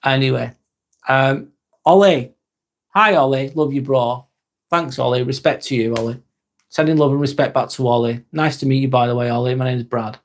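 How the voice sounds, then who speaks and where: This live stream host from England has a medium-pitched voice with a steady tone and moderate pace. Hosting a casual chat, he reads out viewer comments and answers them bluntly and jokily, swearing freely and chuckling often.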